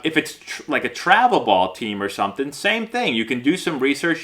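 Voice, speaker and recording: A man's voice: mid-range voice, sharp tone. A man coaching young baseball players in a casual talk, acting out the voices of players and coaches as he goes. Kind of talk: casual instructional talk to camera.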